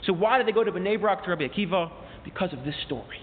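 A man teaching a class, retelling a story with animated rising emphasis and quoting old sources as he goes. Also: high voice, quick pace, a little hiss or hum. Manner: mixes in quoted source phrases and restarts. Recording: tinny phone-like sound with long hall reverb.

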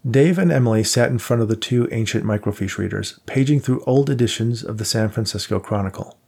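A man narrating an audiobook in a steady storytelling manner. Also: lowish voice, fairly quick, gravelly, breathy edge. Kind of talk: scripted narration.

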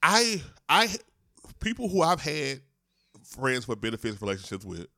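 A man in his thirties co-hosting a casual podcast chat, animated and profane, acting out the voices of people he quotes. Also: mid-range voice, normal speed, no echo, studio quality. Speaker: podcast co-host.

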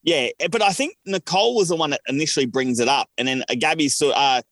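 A man's voice: fairly high pitch, quick pace, fairly bright tone, dry recording, studio quality. A man co-hosting a casual podcast recap, easygoing and trailing off mid-thought. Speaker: podcast co-host.

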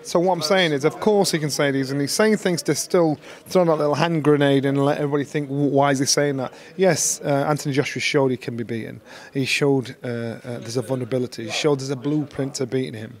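A man giving blunt, animated opinions on boxing in a casual podcast chat. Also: mid-range voice, fairly quick. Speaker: boxing pundit.

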